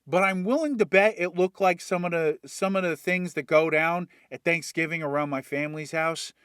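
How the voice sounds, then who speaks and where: Brief: a rambling, profane man, slightly high voice, dry close sound. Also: normal speed, fairly bright tone, clear, resonant tone, no echo. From Worcester, Massachusetts. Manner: profane, rambling, jokey asides. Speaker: comedic recapper. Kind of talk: comedic story retelling.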